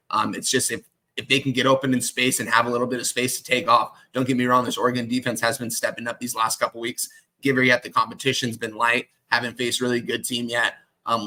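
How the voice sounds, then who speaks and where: Fast, flat-toned man giving picks. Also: medium pitch. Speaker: guest tipster. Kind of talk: casual sports picks talk.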